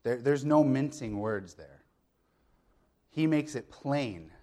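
A middle-aged male pastor gives a sermon in an easy, conversational style, with a voice of ordinary pitch for a man. He explains his point bit by bit and asks the congregation rhetorical questions. He often checks in with a quick "okay?". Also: expressive, dark tone. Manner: explains step by step, with frequent "okay?" check-ins.

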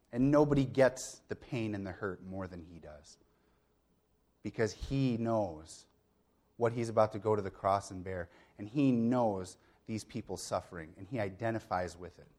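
Middle-aged pastor preaching conversationally. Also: male voice, lowish voice, darkish tone. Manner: explains step by step, with frequent "okay?" check-ins; rhetorical questions to the congregation. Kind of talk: conversational sermon.

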